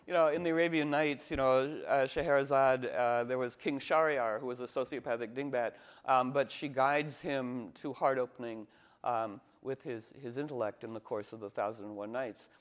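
A man talking in a meandering casual monologue as an astrologer, full of fillers and restarts, animated and playful. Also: mid-range voice, moderate pace. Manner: animated, slips into playful cooing voices.

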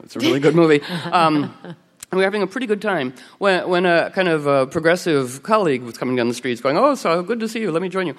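Playful, chatty woman storyteller with a meandering delivery, recorded with long reverb. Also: sits low. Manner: rambling, playful, full of "you know" and restarts. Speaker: radio show host, telling anecdotes as a guest. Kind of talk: casual storytelling chat.

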